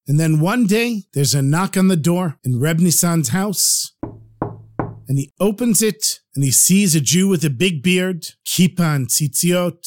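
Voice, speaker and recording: A man narrating stories for a podcast in a lively, animated way. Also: high voice. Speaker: storyteller.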